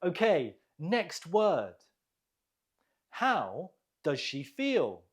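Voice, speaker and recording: An English teacher giving an online vocabulary lesson, drilling words slowly and deliberately and praising the learner after each repetition. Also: mid-range voice, huge pitch swings.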